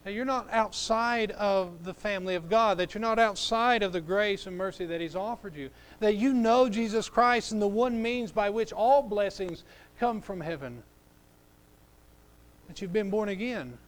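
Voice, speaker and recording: High-voiced man preaching a sermon. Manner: preaching with swings from loud emphasis to hushed, drawn-out phrases; acts out scripture dialogue in a lowered, quiet voice. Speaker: pastor.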